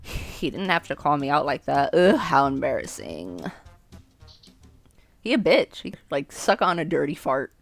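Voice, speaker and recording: A young woman streamer reads a dating game aloud and keeps breaking in with brash, profane outbursts. Her voice sits fairly low, with faint game music underneath. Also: big pitch swings, unhurried, gravelly.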